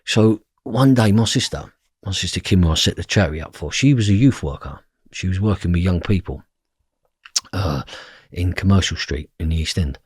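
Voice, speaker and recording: A man's voice: low-pitched, normal speed, breathy edge, dry recording, studio quality. A man, a podcast guest telling a personal story in a blunt, emotional way and swearing freely. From London.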